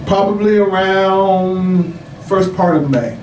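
A man with a very high, bright voice preaches, swinging from calm storytelling into laughing shouts. He sounds distant from the mic in an echoey church, with faint noise behind him. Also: takes it slowly. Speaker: pastor. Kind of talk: sermon.

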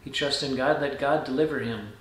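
A male pastor reads a scripture passage aloud, then reflects on it in a measured devotional talk, frequently dropping into a soft, low voice. The sound is reverberant.

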